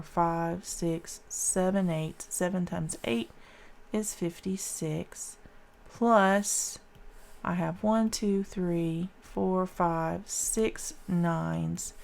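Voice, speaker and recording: A woman with a lowish, creaky, somewhat dark voice works through a calculation step by step as a math teacher. She counts aloud in a relaxed, informal manner during a casual classroom lesson.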